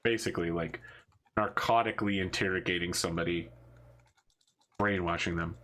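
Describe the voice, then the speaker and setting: Bright-voiced man running a tabletop game. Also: low-pitched, normal speed. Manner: animated, jokey storytelling. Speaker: game master.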